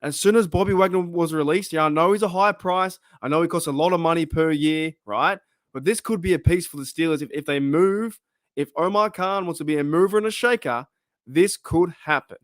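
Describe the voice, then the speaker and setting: An Australian-accented man with a slightly high voice speaks fairly quickly to camera on his own fan channel, rambling casually and asking viewers questions. The sound is dry and studio quality.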